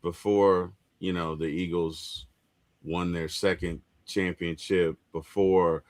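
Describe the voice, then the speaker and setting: A man co-hosting a casual sports podcast, animated, playful, often repeating himself. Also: deep voice, takes it slowly. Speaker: podcast co-host.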